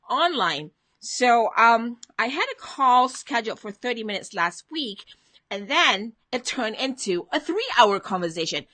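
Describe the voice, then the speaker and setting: A woman hosts a motivational live stream from her home in a bright, forceful voice pitched a little high. She chats in a loose, friendly way, greeting viewers by name and reading their comments aloud. The sound is dry and close. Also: no room sound.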